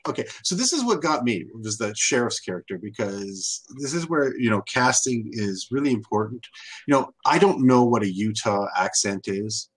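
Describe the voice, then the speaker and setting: A man's voice: mid-range voice, very animated, normal speed, breathy edge. A man co-hosting a podcast in casual chat, argumentative, rambling and jokey. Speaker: podcast co-host.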